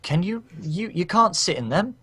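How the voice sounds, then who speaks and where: A man's voice: sits high, expressive, normal speed, sharp tone, husky, pitched above the performer's own voice, exaggerated voice. A man voicing a short female city co-ruler who speaks with a Cockney accent and greets people in a casual, chirpy way. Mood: friendly. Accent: Cockney (put on).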